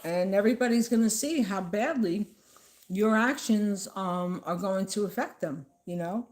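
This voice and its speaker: A woman's voice: mid-range voice, moderate pace, a little mellow. A woman at home, giving a casual political rant to the camera. She scolds her targets emphatically and says the same phrases over and over.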